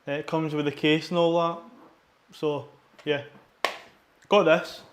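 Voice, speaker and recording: A man's voice: fairly high pitch, little pitch movement, takes it slowly. A young Scottish man chatting casually about his training in a gym, rambling and correcting himself, on a lapel mic. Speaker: powerlifting vlogger. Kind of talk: casual gym vlog chat. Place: gym, indoors. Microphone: wireless lapel mic under t-shirt.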